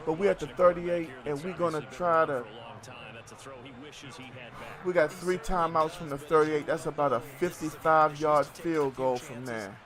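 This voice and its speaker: High-voiced man chatting on a game stream. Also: moderate pace, fairly bright tone. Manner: loose, joking, chatty with viewers. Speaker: gaming streamer. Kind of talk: casual live-stream chat while playing.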